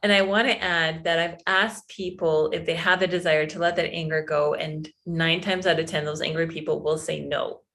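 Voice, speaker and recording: A woman's voice: low-pitched, fairly even intonation, normal speed, hardly any pauses, fairly bright tone. A woman hosting an interview, mostly giving short agreeing replies in casual chat. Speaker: interview host.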